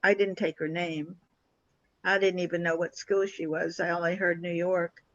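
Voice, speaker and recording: An older woman, a guest on an interview show, telling a story in a lively, animated way and acting out the people in it. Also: fairly low pitch, moderate pace, muffled recording. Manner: animated storyteller who acts out quoted dialogue.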